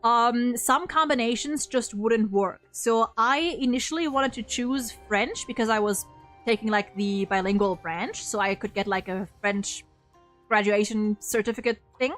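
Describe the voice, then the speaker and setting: A woman's voice: a little high, measured pace, fairly bright tone, faint music behind. Young woman with a slight German accent. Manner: rambling, filler-heavy, swears freely. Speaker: streamer. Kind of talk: casual chat on a live stream.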